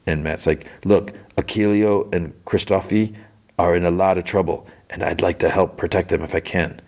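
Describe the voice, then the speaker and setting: A young man hosting a podcast, casually retelling TV scenes and slipping into quick character voices with lots of "he's like". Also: deep voice, steady tone, a little mellow. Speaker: podcast host recapping a TV episode.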